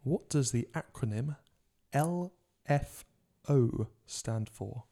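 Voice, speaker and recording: A man's voice: medium pitch, animated, slow pace, gravelly, dark tone. A man hosting a podcast, reading out quiz questions in a jokey, casual way and laughing often. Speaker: podcast host, quizmaster.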